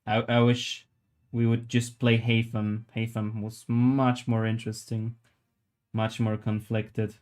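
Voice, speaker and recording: A livestreamer sculpting while chatting talks to his live viewers as he works, wandering from one joke to the next, reading chat aloud and tossing in the occasional casual swear. His lowish voice is a little mellow and monotone, with an unhurried, fairly level melody.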